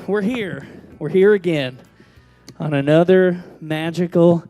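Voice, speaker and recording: High-voiced dude hosting a bar show, cussing, ribbing the crowd, faint music behind. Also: male voice, unhurried, dark tone. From Kentucky. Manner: brash, profane, joking crowd banter. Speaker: host. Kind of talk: live comedy show hosting. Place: small live music venue with audience.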